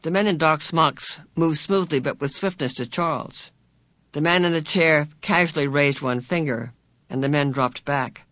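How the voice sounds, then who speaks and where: A narrator reading a novel aloud in a measured, even way. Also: mid-range voice, no room sound. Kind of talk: scripted audiobook narration.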